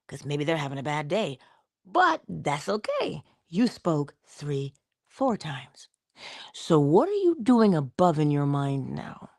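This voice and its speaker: A woman giving a conversational motivational talk, coaching her listener and dropping into soft whispers for emphasis. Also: sits low, big pitch swings, unhurried, no room sound, clean studio sound. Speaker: inspirational speaker.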